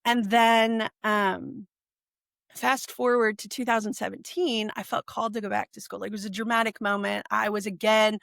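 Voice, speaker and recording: Gravelly-voiced woman telling her story. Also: mid-range voice, moderate pace, dry recording, clean studio sound. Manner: animated, acts out quoted speech. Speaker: podcast guest. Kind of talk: personal storytelling.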